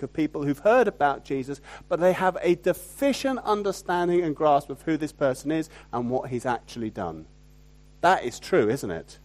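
A male pastor delivers a sermon in a fairly high-pitched, conversational voice. He keeps asking rhetorical tag questions of his listeners. He moves between loud emphasis and quiet, lowered asides.

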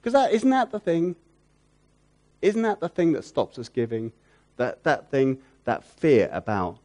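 A man preaching a sermon who repeats key phrases for emphasis, asks rhetorical questions, and moves between loud emphatic peaks and hushed, soft lines. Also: on the high side, animated, measured pace.

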